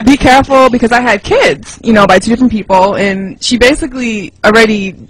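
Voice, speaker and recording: A woman's voice: medium pitch, fairly quick, rough recording. A woman panel guest on a talk show, candid and indignant as she tells about being judged.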